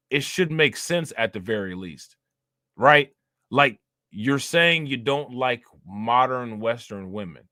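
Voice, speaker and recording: Bright, loose-talking man, dry sound. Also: mid-range voice, no room sound. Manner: loose and conversational, fillers and repeats. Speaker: livestream commentator. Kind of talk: casual live commentary reading chat.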